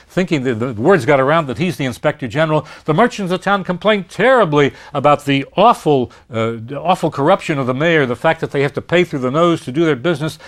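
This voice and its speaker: A man giving a university lecture on literature, telling the story in an animated way with frequent "uh" fillers. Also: a little high.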